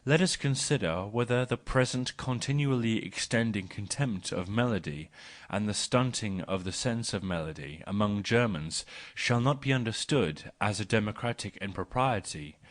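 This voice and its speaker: A man giving a measured audiobook reading of a philosophy text, speaking the punctuation aloud as quote and paren. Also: fairly low pitch, animated. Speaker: audiobook reader.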